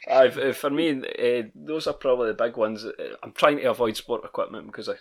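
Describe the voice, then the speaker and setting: A man's voice: medium pitch, a little fast. A Scottish man chatting casually on a podcast, hesitant with many ums and trailing phrases. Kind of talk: casual chat.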